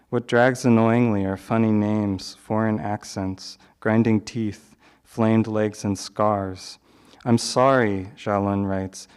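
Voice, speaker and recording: A man hosting a poetry reading, introducing the featured poet in a measured, literary delivery. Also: fairly low pitch, darkish tone, smooth. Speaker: event host introducing a poet. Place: live reading venue.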